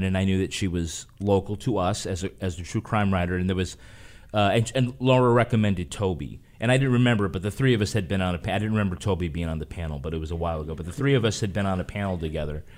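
Male podcast co-host with a lowish voice, relaxed storytelling. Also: quick pace. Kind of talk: casual podcast chat.

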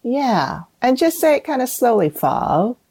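A woman from Vietnam, a cookbook author guest in a casual interview, explaining things in a relaxed way and laughing often. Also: fairly low pitch, a little slow, vocal fry, dry recording.

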